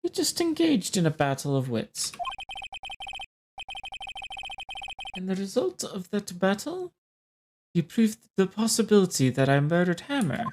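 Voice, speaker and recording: A woman voicing a cool, smug female culprit in a game, with a put-on accent and a slow, taunting delivery. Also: mid-range voice, sing-song, noisy background, natural voice. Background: game music.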